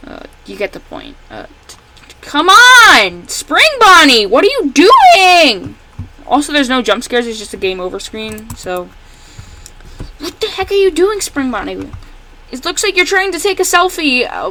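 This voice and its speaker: Bright-voiced woman rambling over gameplay. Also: fairly high pitch, slight background noise, rough recording. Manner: rambling, self-correcting, with sudden excited outbursts at the characters. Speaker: fan game creator playing her own game. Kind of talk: casual gameplay commentary.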